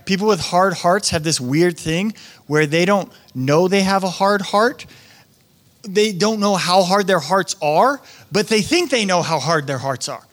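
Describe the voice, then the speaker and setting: Lively high-voiced male pastor preaching. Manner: conversational, acts out quoted voices. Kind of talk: sermon.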